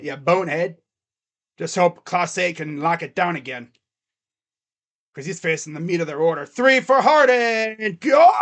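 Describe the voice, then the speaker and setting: Male fan doing live play-by-play at an unhurried pace, bursts of excited shouting, mumbled asides. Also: fairly high pitch. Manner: excitable, jumps to shouting on big plays; drops to muttered asides. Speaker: fan commentator.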